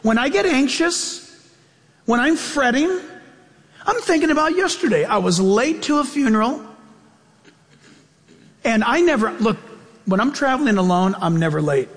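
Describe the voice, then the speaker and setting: A man with a high voice preaches from a church sanctuary, and a long reverb trails after his words. His delivery is emphatic and conversational, full of personal asides that poke fun at himself. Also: expressive, moderate pace, long pauses. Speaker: pastor. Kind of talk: sermon.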